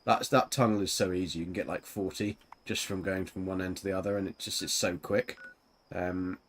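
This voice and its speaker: A man's voice: sits low, steady tone, a little fast, a little hiss or hum. A man streaming a game and chatting casually with a teammate, rambling with lots of fillers and giggles. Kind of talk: casual chat while gaming.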